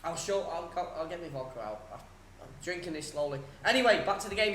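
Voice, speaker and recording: A young man runs a live football watchalong, reeling off scores between casual banter and laughs. His voice sits high for a man. The room around him is echoey. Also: lively intonation, fairly quick, a bit bright. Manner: chatty, reads scores aloud, swears, laughs often. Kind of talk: live score commentary and chat.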